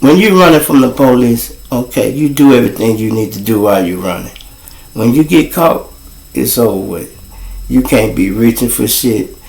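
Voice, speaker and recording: A man with a Chicago accent tells a long story to his livestream viewers, profane and animated, and he acts out the other people's voices. His voice is gravelly. The room around him has a noticeable echo. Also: medium pitch, normal speed. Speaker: livestream show host.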